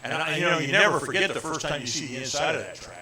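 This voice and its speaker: A man's voice: a little high, fast, crowd noise. A man in his sixties from Indiana, a comedian telling a story on a radio talk show and acting out the dialogue. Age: 60s. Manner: animated comic storyteller, acts out dialogue. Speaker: comedian guest.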